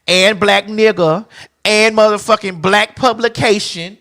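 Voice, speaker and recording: A talk show host speaking in an animated, emphatic way, repeating phrases and swearing. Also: female voice, medium pitch, unhurried. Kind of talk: casual chat, heated commentary.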